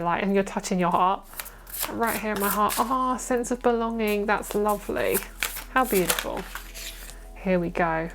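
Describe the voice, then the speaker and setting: A woman's voice: medium pitch, moderate pace, a little hiss or hum. A woman giving a casual, chatty pick-a-card tarot reading, gushing and swearing casually as she goes. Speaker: tarot reader.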